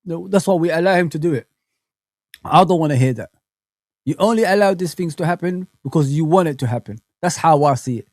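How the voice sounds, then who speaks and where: A man's voice: on the high side, a little fast, dry recording. A man hosting a live football fan stream, ranting with passion and repeating himself. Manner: impassioned, indignant, repeats himself. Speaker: host of a football fan channel. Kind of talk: live reaction rant.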